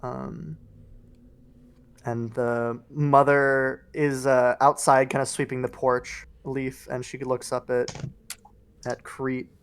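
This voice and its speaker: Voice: medium pitch, level tone, slow, clear, resonant tone, no echo. A game master narrating a tabletop game in a loose, hesitant way. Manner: hesitant, many fillers while narrating.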